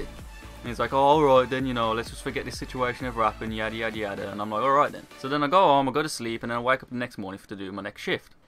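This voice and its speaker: A young British man telling a story in a casual, sweary, animated way. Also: mid-range voice. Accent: British English. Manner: brisk, animated, sweary retelling. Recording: faint background music.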